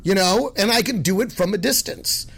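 A loud, excitable middle-aged man telling animated stories as a guest, laughing as he goes. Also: high-pitched, moderate pace, vocal fry, husky. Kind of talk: animated storytelling.

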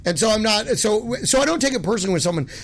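Loud, excitable middle-aged man with gravelly voice. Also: sits high, racing. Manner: loud, excitable, laughs through his stories. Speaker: guest. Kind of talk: animated storytelling.

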